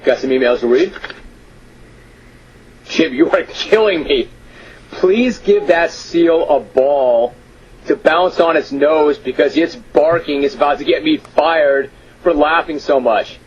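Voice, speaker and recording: A man hosting a radio sports talk show, reading listener emails aloud with amused disbelief and drawn-out emphasis. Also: fairly high pitch, highs cut off, slight background noise. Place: radio studio.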